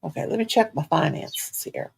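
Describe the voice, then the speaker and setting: A woman's voice: deep voice, lively intonation, moderate pace, creaky, a little mellow, slightly rough. A woman chatting casually at home on her livestream, talking to herself and cooing at her pets in baby talk. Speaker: livestream host.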